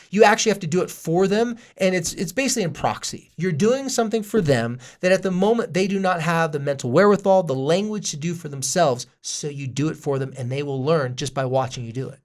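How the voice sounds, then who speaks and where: A man co-hosting a parenting podcast, chatting casually and acting out quoted parents and kids. His voice sits a touch higher than most men's. He keeps it loose and jokey. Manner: jokey asides. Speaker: podcast co-host, parenting therapist.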